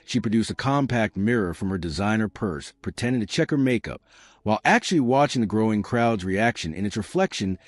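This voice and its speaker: Man narrating a story, low and dry. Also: expressive, a little fast, no room sound.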